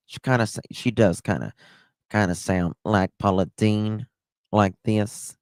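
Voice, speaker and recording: A man's voice: fairly low pitch, expressive, measured pace, long pauses, no echo. A man with a Southern accent hosting a live stream, telling stories in a chatty, rambling way. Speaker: livestream host. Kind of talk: casual live-stream chat.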